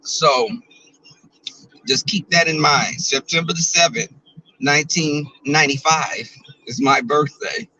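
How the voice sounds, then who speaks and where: A man in his twenties with a Southern US accent streams live while driving his car, sassily joking and chatting casually with viewers. His voice is on the high side, pushed and bright, unhurried with frequent pauses, and the recording quality is low.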